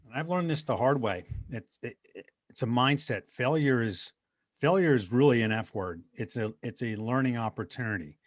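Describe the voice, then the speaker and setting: A middle-aged man speaking as an interview guest, sharing anecdotes in an earnest, conversational way. His voice sits at an ordinary pitch and sounds dry and close, with no room echo. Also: expressive, normal speed. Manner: earnest, anecdotal, addresses host by name.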